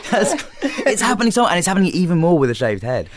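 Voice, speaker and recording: A man's voice: sits high, big pitch swings, quick pace, a crowd in the background. A young man with an English accent, chatting as a guest in a loose, rambling way with many restarts. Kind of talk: casual interview chat. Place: studio.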